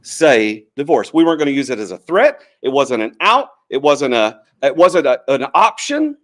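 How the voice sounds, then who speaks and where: A man's voice: mid-range voice, sing-song, normal speed. A man giving a motivational stage talk, earnest and emphatic, enthusiastic about his point. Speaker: talk speaker.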